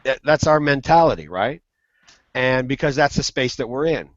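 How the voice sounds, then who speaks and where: A man telling a funny business story on a web hangout, animated and acting out the quoted voices. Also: mid-range voice, normal speed, no echo. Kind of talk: casual storytelling. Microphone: video call. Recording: muffled web call audio.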